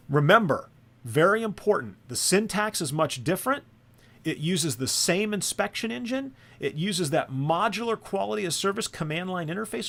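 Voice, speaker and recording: A man's voice: a little high, gravelly, a bit bright. A man teaching a screen-recorded networking lesson, thinking aloud and often checking in with "right?". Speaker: course instructor.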